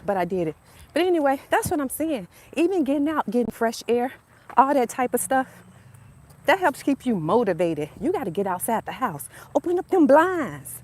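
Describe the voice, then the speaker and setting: With a fairly high voice that swings widely in pitch, a fifty-something Southern woman talks at normal speed to her livestream viewers. She's the channel host, broadcasting casual motivation outdoors from a propped-up phone on a narrow sidewalk by a road. Faint passing traffic sits behind her chatty, repetitive, direct-to-viewer delivery.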